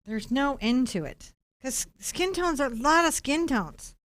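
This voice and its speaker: A middle-aged American woman leads a live-streamed painting lesson in an animated, chatty way. Her voice sits a little high and comes across smooth and clean. The recording is dry and close. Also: a little slow, dry recording. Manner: chatty, animated, warm asides to chat viewers. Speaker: host and painting teacher.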